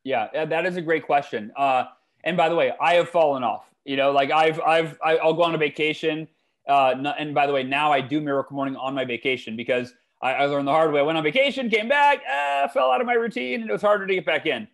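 Animated man telling stories. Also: quick pace. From United States. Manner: animated storytelling with big pitch swings. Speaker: guest author. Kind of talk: conversational podcast interview.

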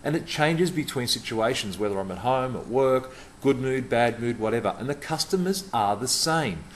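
A man's voice: mid-range voice, lively intonation, moderate pace, a little hiss or hum. A middle-aged man giving a punchy, emphatic talk to camera about customer service, repeating words for stress.

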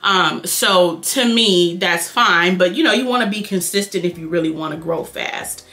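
Fast-talking nasal Detroit woman. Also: fairly low pitch, bright, forceful tone. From Detroit, Michigan. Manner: fast-talking, chatty, addresses viewers as y'all. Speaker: beauty vlogger. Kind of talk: casual chat while doing makeup.

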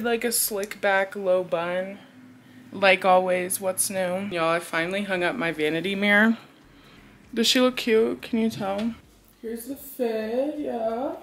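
Young woman, casual vlog chat, blunt, swears, mid-pitched voice, faint background noise. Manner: chatty, blunt, swears freely, uses "y'all". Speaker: lifestyle vlogger. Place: at home indoors. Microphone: compact camera held close.

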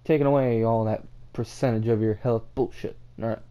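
A tired man giving profane, excitable gameplay commentary on his own desk mic, trash-talking as he plays, his voice cracking when he gets worked up. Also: medium pitch, normal speed, smooth, highs cut off. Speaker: gaming channel host.

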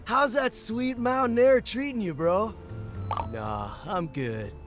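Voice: medium pitch, slow pace, music in the background, natural voice. A man voicing a laid-back, muscular male gym bro in a video game, slangy and calling everyone bro and dog. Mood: chill.

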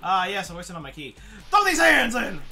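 A man playing a fighting game with a friend, yelling, swearing and joking in goofy trash talk. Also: high-pitched, huge pitch swings, normal speed, vocal fry. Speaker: gaming channel host. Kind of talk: loud casual gameplay banter.

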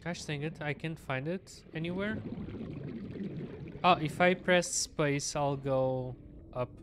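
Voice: medium pitch, slow, noisy background. A streamer chatting casually with viewers while playing a game, talking to themself and sounding sleepy. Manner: chatty, talks to self and chat, sleepy. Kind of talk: casual live game commentary. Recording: game music playing behind.

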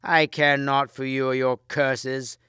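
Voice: mid-range voice, level tone, slow, pushed and bright, smooth, no room sound, studio quality. A man voicing a treacherous usurper knight, arrogant and defiant, drawing out his scornful words.

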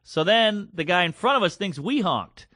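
A comedian man on a podcast with a bright, forward voice that sits a little high, recorded dry and close. He tells blunt, animated stories and acts out the people in them. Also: normal speed, no echo. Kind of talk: casual chat, storytelling.

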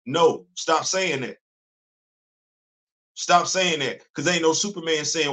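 A man in his fifties talks casually on his own livestream. His voice sits a little high and has a bright, forceful ring. He preaches his points, repeating lines for emphasis and laughing between them. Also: moderate pace. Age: 50s. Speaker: livestream host. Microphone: computer mic on a streaming setup.

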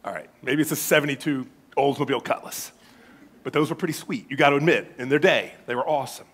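A man's voice: medium pitch, fast talker, a bit bright, slightly rough. A man, preaching a sermon to a congregation. He asks them questions and jokes with them as he goes. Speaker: pastor. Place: church sanctuary.

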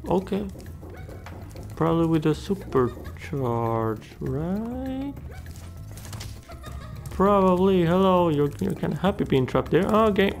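A man's voice: sits high, animated, takes it slowly, gravelly, long pauses. A man giving casual gameplay commentary, muttering, swearing and talking back to the characters on screen. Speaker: let's play gamer.

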